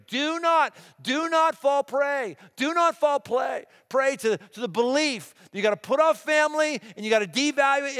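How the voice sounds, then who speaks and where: A middle-aged man preaching a sermon as pastor, animated and emphatic, acting out the people he quotes. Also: mid-range voice, smooth. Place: large church auditorium. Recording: long hall reverb.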